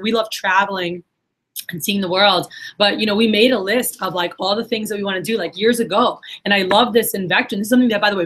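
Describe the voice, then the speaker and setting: A young woman giving a motivational sales workshop talk, chatty and excited, full of "like" and "you know". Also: mid-range voice, poor audio. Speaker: sales trainer. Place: conference room.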